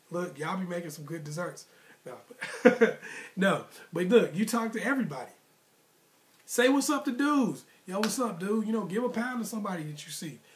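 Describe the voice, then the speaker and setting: Slightly high-voiced man giving dating advice. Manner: emphatic, repetitive, motivational; casual slangy phrasing. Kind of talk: direct-to-camera advice monologue.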